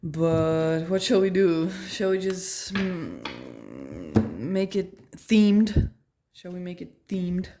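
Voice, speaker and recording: A woman's voice: lowish voice, takes it slowly, mellow. A woman giving a casual tarot reading, musing aloud in slang and laughing often. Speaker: tarot reader.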